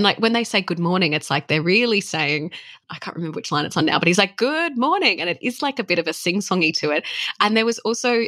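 A woman's voice: fairly low pitch, fairly bright tone, no echo, clean studio sound. A woman interviewing a guest in a curious, chatty way. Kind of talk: conversational interview.

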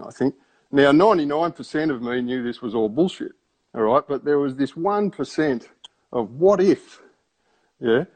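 A man with an Australian accent telling a story in a wry, conversational way full of asides. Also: mid-range voice. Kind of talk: casual spoken storytelling.

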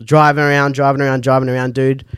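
A young man telling a long story in casual podcast chat, animated and rambling with heavy swearing. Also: medium pitch, fast, smooth. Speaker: comedian.

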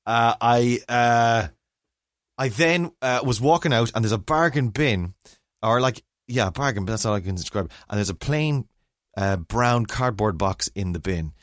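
A man's voice: mid-range voice, animated, measured pace, dry recording, studio quality. A middle-aged Irish man with a rambling, self-mocking manner, telling a long story in casual chat as podcast co-host, on a remote call mic. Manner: rambling, self-mocking, acts out other voices.

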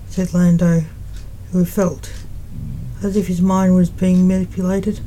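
A woman reading a fan fiction story aloud in a plain, unhurried storytelling manner. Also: lowish voice, little pitch movement, dark tone, slight background noise, poor audio. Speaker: story reader.

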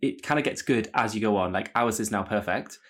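A man's voice: fairly low pitch, a little fast. A man co-hosting a podcast, chatting casually and giving enthusiastic, opinionated takes. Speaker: podcast co-host. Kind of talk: casual comedic chat. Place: lives in London.

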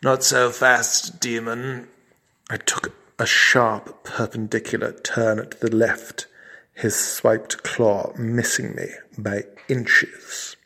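Slow, pompous deadpan male storyteller. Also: lowish voice, gravelly, breathy edge. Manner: pompous, deadpan, mock-formal. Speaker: comic storyteller. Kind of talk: mock-heroic narration.

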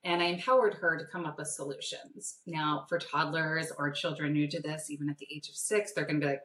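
Woman in an echoey room, lively storyteller. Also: sits low, a little fast, a little hiss or hum. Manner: lively, acts out the voices in her stories. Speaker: parenting coach. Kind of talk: storytelling interview answers. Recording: echoey room, distant mic.

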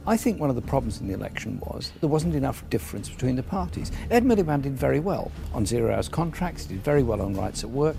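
A male politician from the United Kingdom answering interview questions in a measured, argumentative way. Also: medium pitch, big pitch swings, gravelly.

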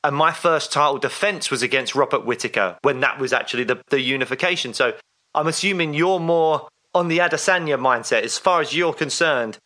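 A man's voice: a little high, a little fast, pushed and bright. A man hosting a fan podcast, asking long rambling questions in a casual interview. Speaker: podcast host.

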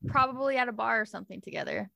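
A woman's voice: a little high, expressive, rapid-fire, gravelly, bright, forceful tone, slight background noise. A woman player chatting at a tabletop game, hesitant and giggly. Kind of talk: casual table chat.

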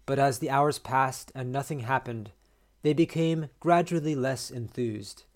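A man hosting a podcast, reading a short story aloud in a measured, steady way. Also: medium pitch. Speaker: podcast host.

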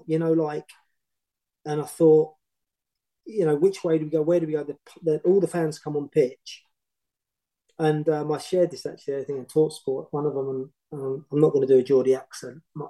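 A middle-aged man, a former football manager, telling long animated anecdotes in casual podcast chat with many restarts. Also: a little high, rough recording. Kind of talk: casual storytelling.

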